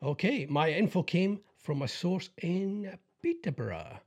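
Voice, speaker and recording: A man's voice: high voice, very animated, unhurried, a little mellow. A man co-hosting a casual podcast, reading out listener emails with teasing jokes and laughter. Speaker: podcast co-host.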